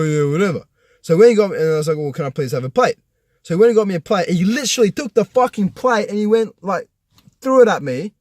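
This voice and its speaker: Young man, higher voice, dry close sound, rambling swearing rant from his parked car. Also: dry recording. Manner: rambling, profane storytelling with many restarts. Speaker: vlogger. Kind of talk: casual personal rant.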